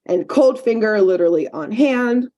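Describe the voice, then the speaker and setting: A woman's voice: mid-range voice, animated, moderate pace, dark tone. A woman co-hosting a podcast, casually recapping a cartoon episode with lots of filler words. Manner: chatty, frequent "like" and "um" fillers. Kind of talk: casual chat.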